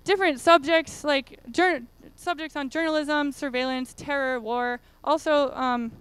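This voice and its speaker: A woman's voice: high voice, fairly even intonation, unhurried, fairly bright tone. A woman giving a casual conference talk, chatty and full of fillers. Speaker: conference speaker. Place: conference room.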